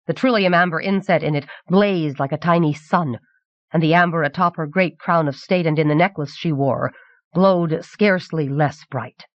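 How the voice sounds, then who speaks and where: Woman narrating a novel, low and dry. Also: normal speed, no room sound. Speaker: audiobook narrator. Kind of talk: scripted narration. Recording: dull 1990s cassette audiobook.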